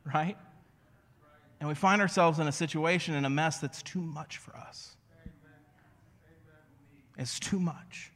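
A man's voice: a little high, slow pace, pauses often, fairly bright tone. Male pastor preaching in a reverberant hall. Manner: conversational, storytelling with self-deprecating asides. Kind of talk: sermon.

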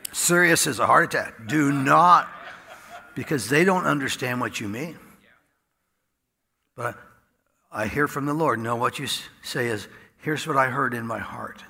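Male preacher, gravelly voice, bright tone, folksy storytelling sermon, long hall reverb. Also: mid-range voice, unhurried, pauses often. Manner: folksy storytelling, swings from loud to hushed.

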